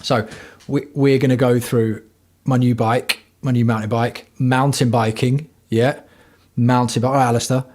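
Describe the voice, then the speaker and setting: A man's voice: mid-range voice, little pitch movement, moderate pace, hardly any pauses, a little mellow. A man hosting a casual livestream from home, talking bluntly and rambling with plenty of swearing. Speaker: livestream host.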